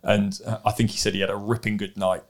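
Low-voiced man in animated podcast chat. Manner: chatty, animated storytelling with quick asides. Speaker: podcast co-host. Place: live event venue.

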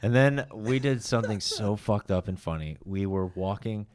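A man's voice: on the low side, normal speed, darkish tone. A young man on a podcast, rambling through crude stories in casual chat. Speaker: podcast co-host.

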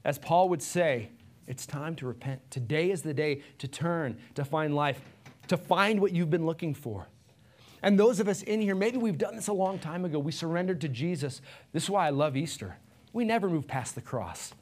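A man preaching an Easter sermon in a church, earnest, rising to emphatic peaks and dropping soft when he prays. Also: on the high side, lively intonation, moderate pace. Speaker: pastor.

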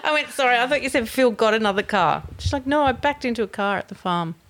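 Lively, high-voiced woman on a podcast. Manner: reactive, quick to exclaim. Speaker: podcast co-host. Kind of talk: casual chat.

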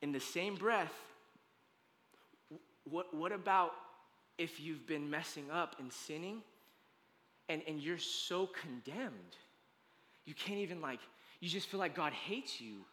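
With lively intonation and a bright, high voice, a male pastor gives a sermon that's casual and emphatic, peppered with slang and quick restarts. The church sanctuary around him rings with a long reverb.

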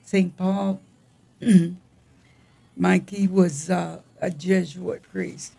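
An older woman co-hosting a casual chat about the week's feast days, with a gravelly voice and frequent throat clearing, speaking in a wry, halting way. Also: on the low side, flat delivery, mellow. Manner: unhurried, wry, halting reading. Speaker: co-host.

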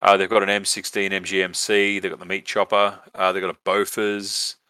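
A man's voice: sits low, little pitch movement, a little fast, bright, forceful tone, smooth, no echo. An Australian man hosting a podcast, telling a rambling story casually, with lots of fillers and swearing. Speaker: podcast host.

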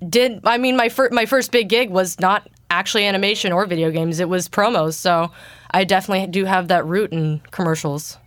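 A young woman talks casually as an interview guest, her voice deep for her age and a bit stuffy from allergies. The tone is smooth and clear, recorded close and dry with no room sound. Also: a bit bright, dry recording. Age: young adult. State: congested from allergies. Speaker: guest voice actor.

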